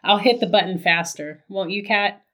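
A woman hosting a podcast in casual chat, relaxed and playful, laughing often. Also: mid-range voice, moderate pace. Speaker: podcast host.

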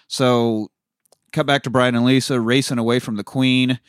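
A podcast co-host with a mid-range voice speaks briskly, recapping a movie in casual, profane chat. He acts out the characters' lines in an animated retelling. The recording is dry and studio quality.

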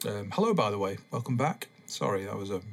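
A man hosting a podcast, rambling in a relaxed, meandering way with many pauses and ums. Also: on the low side, slightly rough. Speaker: podcast host. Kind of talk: casual rambling monologue.

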